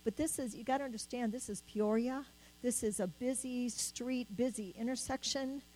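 A woman's voice: a little high, normal speed, darkish tone, low-quality recording. An older woman, giving a spoken testimony at church and earnestly telling her story. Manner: earnest storytelling, acts out the voices she quotes.

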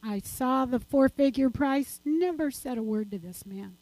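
A woman's voice: high-pitched, measured pace, a little mellow, no echo, low-quality recording. An older woman giving a chatty, rambling church talk and personal testimony, laughing often as she goes.

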